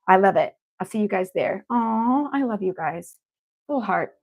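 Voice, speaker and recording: A woman hosts a livestream as an evidential medium, chatting casually to her viewers. She is upbeat and effusive and keeps telling them she loves them. Her voice sits in an everyday middle pitch. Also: expressive, moderate pace, darkish tone. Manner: effusive and upbeat, repeats affection to the audience.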